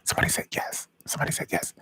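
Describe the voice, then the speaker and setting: A man's voice: rapid-fire, sharp tone, rough recording. A man hosting a casual live stream, whispering to his viewers and giggling at himself. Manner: whispering and giggling, self-mocking.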